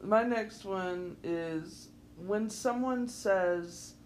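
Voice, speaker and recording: Deadpan podcast gal, wry jokes, bit of faint hiss behind her. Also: mid-range voice, very slow. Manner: wry, deadpan storytelling with laughing asides. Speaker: podcast co-host. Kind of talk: casual chat.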